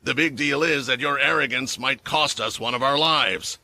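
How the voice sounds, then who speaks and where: A big, harsh expedition commander who barks stern orders, as a male narrator acts him out. His voice swings wide between shouting and a low, cold growl, in a fantasy story retelling. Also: animated, normal speed, no room sound, full character voice. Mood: cold, menacing.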